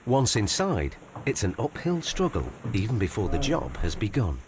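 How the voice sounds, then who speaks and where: A man narrating a documentary in a scripted, measured and expressive way. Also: lowish voice. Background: background music.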